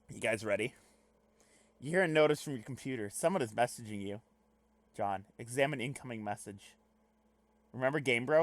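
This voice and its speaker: A young man reading a webcomic aloud on stream, breaking off into loud, animated asides. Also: mid-range voice, no room sound. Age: young adult. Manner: animated, swings to loud excited rants.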